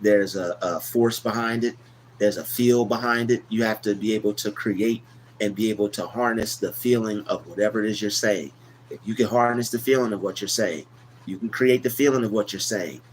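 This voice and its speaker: A man's voice: fairly low pitch, normal speed, a little hiss or hum. A man hosting a casual motivational livestream, talking in a loose, repetitive, preachy way about affirmations. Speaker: livestream host.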